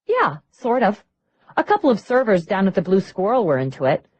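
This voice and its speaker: Brash young ex-grifter read by a woman: high, bouncy, lively, quick. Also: slightly rough. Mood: brash, upbeat. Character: bubbly young female ex-grifter performer, brash.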